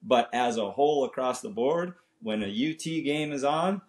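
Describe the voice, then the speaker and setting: In a mid-range voice at normal speed, a Canadian man who works as a chiropractor talks earnestly as a guest in a casual chat. His faith comes through, and "right?" and "man" pop up often.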